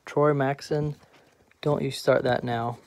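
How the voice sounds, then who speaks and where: A man's voice: mid-range voice, fairly even intonation, takes it slowly. A man voicing a patient, grounded middle-aged wife who answers matter-of-factly, in a play audiobook. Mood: plain. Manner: matter-of-fact, gently scolding.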